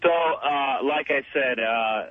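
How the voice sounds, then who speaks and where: A man's voice: mid-range voice, slow, dry recording. A man from Los Angeles calling in to a radio show, talking bluntly and rambling with lots of fillers and restarts. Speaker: caller. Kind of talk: call-in talk radio. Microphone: telephone. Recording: tinny phone line.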